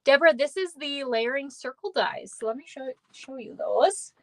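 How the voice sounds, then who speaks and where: A woman's voice: sits high, animated, moderate pace, no echo. Chatty Minnesotan woman, giggly. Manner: chatty, upbeat, giggly, talks to viewers by name. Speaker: stamping class host. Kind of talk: live card-making demonstration.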